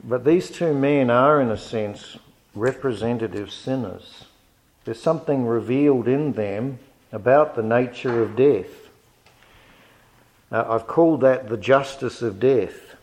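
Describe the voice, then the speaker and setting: A man preaches a sermon at a measured, earnest pace. His voice sits at an ordinary middle pitch and climbs when he presses a point home. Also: a little mellow, low-quality recording.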